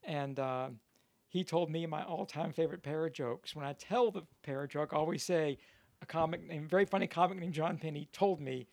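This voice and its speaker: A middle-aged male comedian chatting casually and retelling old jokes with lively delivery. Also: fairly high pitch, a little fast, gravelly, no echo. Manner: animated joke-telling with character voices. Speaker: comedian guest telling jokes. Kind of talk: casual podcast conversation.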